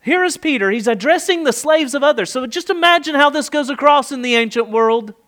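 Brief: middle-aged male preacher, rather high voice, emphatic, rhetorical, verse-by-verse sermon. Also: lively intonation, a little fast, fairly bright tone. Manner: emphatic, rising and falling delivery with rhetorical questions. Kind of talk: expository sermon.

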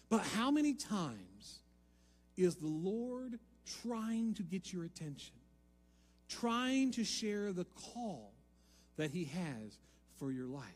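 A male pastor delivers a sermon in a dynamic way, dropping to hushed lines and then rising to loud, emphatic appeals. His voice sits high for a man. The sound carries a long hall reverb with faint music underneath. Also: very animated, takes it slowly. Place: church sanctuary.

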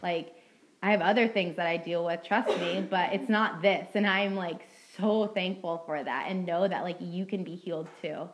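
A young woman speaks in a slightly low voice, giving a personal testimony to a youth gathering. She is earnest and heartfelt, and she talks casually with many "like"s and "um"s. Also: fairly even intonation, moderate pace, slight background noise, poor audio. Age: young adult. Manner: earnest, heartfelt, frequent "like" and "um" fillers. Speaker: student speaker at a youth ministry meeting.

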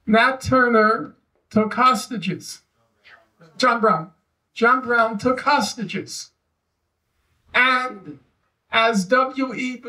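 A historian speaks at a live event, his voice pitched high for a man. He builds his story slowly and with emphasis, digressing as he goes. He sounds some distance from the microphone. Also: sharp tone. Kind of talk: live public discussion.

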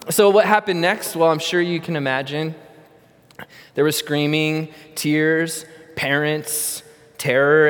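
Middle-aged preacher in a reverberant hall. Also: male voice, on the high side. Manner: animated and humorous in anecdotes, earnest in teaching. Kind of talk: sermon with personal storytelling. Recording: long reverb of a large hall.

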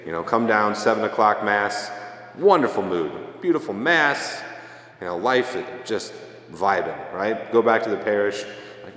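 A young male priest giving a homily, telling a self-deprecating story in a relaxed, casual way. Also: fairly low pitch, normal speed. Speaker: parish priest. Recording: echoey church with long reverb.

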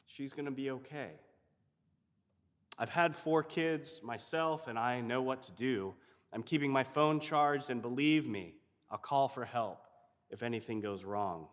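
Man voicing a steady, reassuring mother of four; firm, in a reverberant hall. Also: mid-range voice, unhurried, natural voice.

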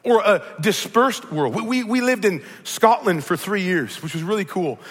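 High-voiced Midwestern pastor preaching. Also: male voice, lively intonation, normal speed, a bit bright. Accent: Midwestern American. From American Midwest. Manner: storytelling, earnest, repeats words when starting. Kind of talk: sermon. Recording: long reverb of a large hall.

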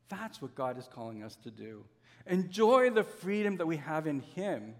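Male pastor, earnest sermon delivery with slow emphasis, slightly high voice, long hall reverb. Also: sing-song. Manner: earnest, with slow drawn-out emphasis and homely examples.

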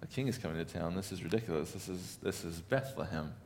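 Man voicing doubting little storybook mice, soft and low, hushed delivery. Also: fast, slight background noise, close to an everyday voice. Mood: doubtful.

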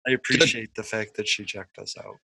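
A man's voice: lowish voice, fairly even intonation, a little fast, gravelly, bright, forceful tone, slightly rough, poor audio. A man co-hosting a podcast over a video call, telling stories in an easygoing, chatty way. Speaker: podcast co-host. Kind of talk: casual podcast chat.

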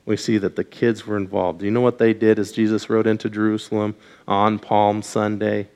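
A man's voice: lowish voice, flat delivery, a little fast, a little mellow, clear, resonant tone. A man giving a children's message in church, asking the kids questions and leading them in call-and-response on a mic. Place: church sanctuary with congregation. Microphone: wears a mic.

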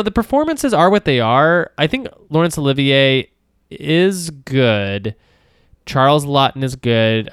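A man's voice: medium pitch, fairly bright tone, smooth, dry recording, clean studio sound. A man co-hosting a podcast, talking casually about films, rambling with lots of fillers and restarts, laughing and swearing now and then. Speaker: podcast co-host. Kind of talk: casual film discussion.

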